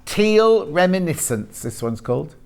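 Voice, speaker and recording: A man's voice: a little high, sing-song, a little slow, clear, resonant tone. A man presenting on a live shopping channel, reading out fabric prices in a chatty, jokey sales patter and bantering with the crew off camera.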